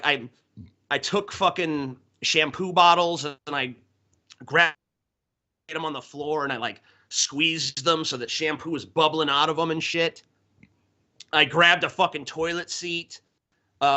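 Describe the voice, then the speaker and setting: A man's voice: a little high, fairly even intonation, a little slow, bright, forceful tone. A man co-hosting a podcast, casually telling a story full of swearing and stifled laughter over a remote call. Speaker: podcast co-host. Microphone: remote call that drops out.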